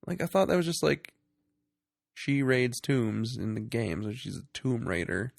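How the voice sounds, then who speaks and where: A man co-hosting a casual movie review podcast, sarcastic and quick to laugh. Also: medium pitch, big pitch swings, creaky, no echo, clean studio sound. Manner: sarcastic, laughs often, breaks into mocking impressions. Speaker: podcast co-host.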